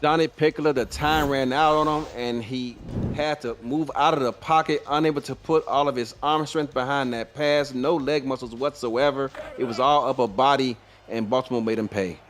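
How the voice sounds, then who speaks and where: A man's voice: medium pitch, steady tone, moderate pace, slight background noise. Chatty male football color commentator. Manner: conversational analysis with casual asides and small laughs. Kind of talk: live sports color commentary.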